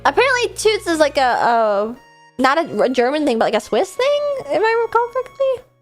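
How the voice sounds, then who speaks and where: A high-voiced young American woman runs her livestream in loose, bubbly chatter. She laughs often and swears freely while answering chat, with soft music in the background. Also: sing-song, normal speed. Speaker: livestream host. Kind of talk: casual stream chat, reading chat aloud.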